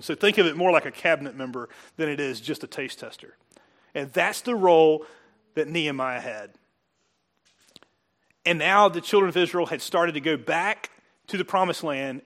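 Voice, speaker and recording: A man preaching a sermon, animated and joking, building to excited emphasis. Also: fairly high pitch. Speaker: pastor.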